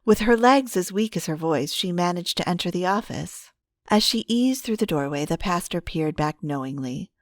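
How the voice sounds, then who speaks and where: A woman narrating an audiobook in a calm, steady storytelling manner on a close mic. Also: on the low side, moderate pace, dry recording.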